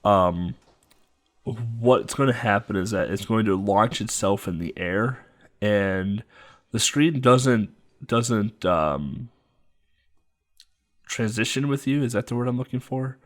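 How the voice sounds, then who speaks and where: A man's voice: fairly low pitch, slow pace, pauses often. A man co-hosting a podcast, chatting casually and rambling with many ums and restarts as he explains a game. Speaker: podcast co-host. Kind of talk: casual chat.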